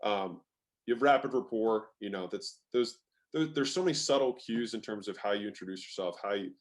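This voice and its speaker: Male interview guest, lowish voice, emphatic and casual, drops the odd swear word. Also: brisk. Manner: emphatic, swears, many "like" fillers. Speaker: guest, sales expert.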